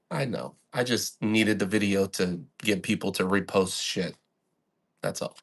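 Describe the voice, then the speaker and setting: A man co-hosting a casual podcast who swears freely and slips into loud rants. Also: sits low, gravelly, far from the mic. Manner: loud, swearing, quick to rant. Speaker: podcast co-host. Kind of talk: casual profane chat.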